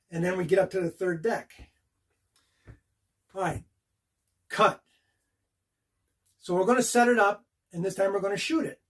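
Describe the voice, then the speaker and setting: An older man, a working actor, casually telling a career story to the camera and acting out each beat of the scene as he goes. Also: high voice. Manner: animated, acts out the scene beat by beat.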